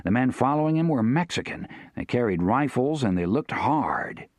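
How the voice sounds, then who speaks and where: A man reading a western audiobook, with a lively, expressive rise and fall in his voice. The sound is close and dry, with no room echo. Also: medium pitch, normal speed. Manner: steady, expressive storytelling. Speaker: narrator. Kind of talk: audiobook narration.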